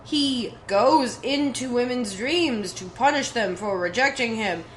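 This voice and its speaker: A woman's voice: a little high, a little slow, a little hiss or hum. A woman co-hosting a podcast, chatting bluntly and swearing freely about a TV episode. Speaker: podcast co-host. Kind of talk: casual recap chat.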